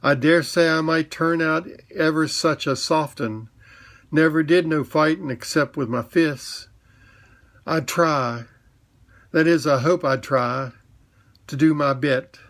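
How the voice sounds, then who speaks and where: A humble, plain-spoken cab driver with a Cockney accent, as a man puts him on in a read-aloud. He talks hesitantly and modestly in a gravelly, somewhat high voice. He speaks slowly. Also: a bit bright. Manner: humble, hesitant, plain working-class talk. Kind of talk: storybook reading aloud.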